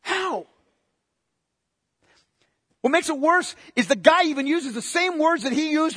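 A man preaching a sermon with passion, firing rhetorical questions and swinging between loud outbursts and hushed asides. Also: very high-pitched, expressive, a little slow, pauses often, no room sound, clean studio sound, long reverb tail. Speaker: pastor.

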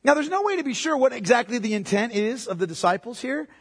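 A middle-aged man preaching a sermon, conversational and animated, with joking asides. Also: very high voice, fast, slightly rough. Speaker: pastor. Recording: reverberant hall.

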